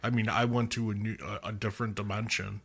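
A man's voice: on the low side, little pitch movement, fast talker, a bit bright. A man co-hosting a podcast, chiming in with jokes and sweary banter. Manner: joking, sweary interjections. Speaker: podcast co-host. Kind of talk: casual banter.

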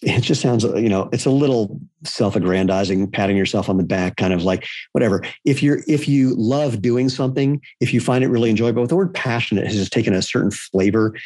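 A man with a fairly low voice speaks as a podcast guest. He is blunt and irreverent and tells stories in a relaxed, conversational way. The sound is dry and close to the mic. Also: fairly quick, no echo. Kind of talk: casual conversation.

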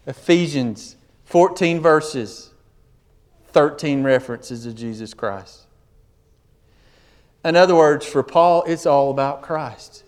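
A man preaching a sermon in an animated way, asking rhetorical questions and acting out the voices he quotes. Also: a little high, takes it slowly, long pauses. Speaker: pastor.

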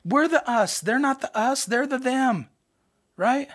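A grown male prophet throws a melodramatic fit, complaining loudly and dramatically, as a Bible teacher puts him on. The voice leaps well above the speaker's usual pitch. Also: animated, slow pace, full character voice. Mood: indignant. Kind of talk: teacher acting out scripture.

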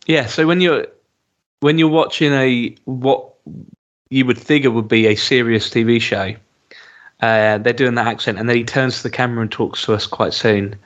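A man's voice: mid-range voice, fairly even intonation, normal speed, dull audio. A man co-hosting a podcast, chatting casually about a TV episode with lots of ums and restarts. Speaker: podcast co-host. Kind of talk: casual chat reviewing a TV episode.

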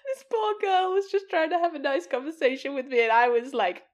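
A woman co-hosting a casual podcast chat. She is a teacher who tells workday stories in an animated, sweary way, and she slips into other people's voices as she goes. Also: high-pitched, a little fast, dull audio. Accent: non-local accent. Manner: sweary, animated storyteller acting out dialogue. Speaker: podcast co-host; school teacher.

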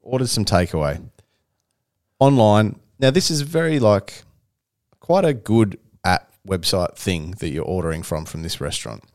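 A man's voice: lowish voice, normal speed, no room sound, studio quality. A young Australian man telling a story in casual chat and acting out the voices of the people in it. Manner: animated storyteller who acts out other people's voices. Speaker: podcast co-host.

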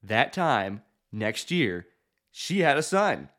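A male preacher retelling a Bible story in a lively way, with chuckling asides. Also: mid-range voice, slow. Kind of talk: sermon storytelling.

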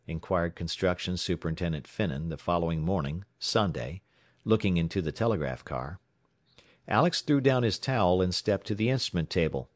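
A man from the United States narrating a story aloud in a dramatic, expressive way. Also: low-pitched, normal speed, no room sound, clean studio sound. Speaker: audiobook narrator. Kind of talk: scripted narration.

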